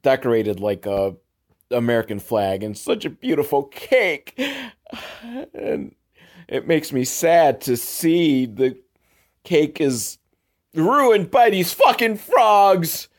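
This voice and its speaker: Young man, sarcastic movie commentary, deadpan then bursting out, lively swinging pitch. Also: slow pace, pauses often. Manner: deadpan and exasperated, swearing, with sudden loud outbursts. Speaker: host riffing on a film.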